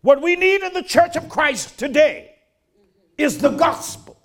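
A man's voice: extremely high pitch, animated, unhurried. An older man, preaching a sermon in a folksy manner that rises to emphatic declarations.

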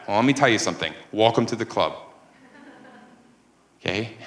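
Emphatic preacher in an echoey church. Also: male voice, fairly low pitch, expressive, normal speed, pauses often. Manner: emphatic, rising and falling preaching cadence. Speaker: pastor. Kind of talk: sermon. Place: church sanctuary.

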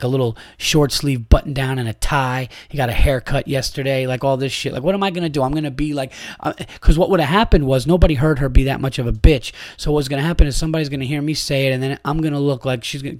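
This is a middle-aged man ranting on his own podcast, crude and heated, tripping over his own restarts as he goes. His voice sits in an ordinary middle pitch. The sound is close and dry, with no room around it. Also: a little mellow, no echo. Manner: angry, crude, rambling with restarts. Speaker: podcast host. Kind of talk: profane rant to listeners.

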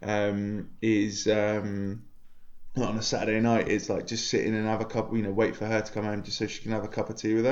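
A man's voice: fairly low pitch, flat delivery, fast, darkish tone, lo-fi sound. A man co-hosting a casual podcast over a video call, hesitant with frequent ums and laughing at his own stories. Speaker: podcast co-host.

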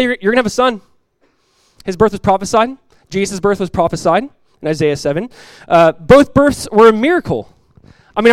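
Animated and laughing, a male pastor preaches in church, alternating rapid side remarks with acted-out voices from the tale. He sounds a little high for a man, captured close and dry with no echo.

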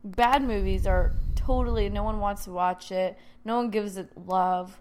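A woman's voice: mid-range voice, steady tone, unhurried, a little mellow, slight background noise. Tired, playful female podcast co-host. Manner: tired, playful, defends bad movies. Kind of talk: casual chat.

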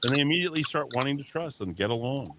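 A man's voice: medium pitch, animated, racing, very noisy. A man hosting a talk radio show, delivering a heated, combative monologue in a radio studio. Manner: combative, heated, mocks callers with put-on voices.

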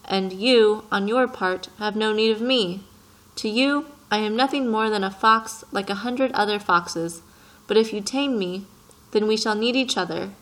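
A woman voicing a wise, patient male fox in a storybook, reading in a gentle, earnest way. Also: medium pitch, measured pace, close to an everyday voice, rough recording.

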